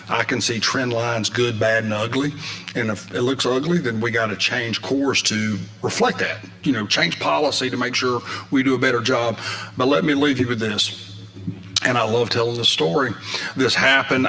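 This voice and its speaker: A man telling an animated, folksy story while testifying at a legislative hearing. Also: medium pitch. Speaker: agency director testifying.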